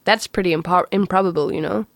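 A woman reading aloud, voicing an excitable, quick-witted man who talks loudly and emphatically. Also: fairly low pitch, no room sound, clean studio sound, lightly acted. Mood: excited.

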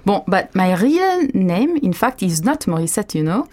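A woman's voice: mid-range voice, very animated, normal speed, darkish tone. French-accented lady in a jokey fake interview, shrugging everything off, tossing in french fillers. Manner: blasé, offhand, sprinkles French fillers. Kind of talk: comic mock interview.

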